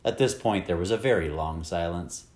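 A man reading a children's novel aloud with expressive, wide-ranging storytelling. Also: low-pitched, moderate pace, roomy sound. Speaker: audiobook narrator. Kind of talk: scripted narration.

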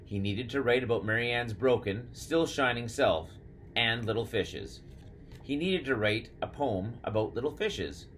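A man narrating an audiobook in a steady, measured storytelling manner. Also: medium pitch, a little hiss or hum. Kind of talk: scripted narration.

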